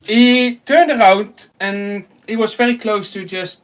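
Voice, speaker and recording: A man in his thirties with a Dutch accent, telling an animated personal story in casual chat and acting out the dialogue. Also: high voice, measured pace. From Netherlands. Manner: animated, acts out dialogue, laughs often. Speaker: host.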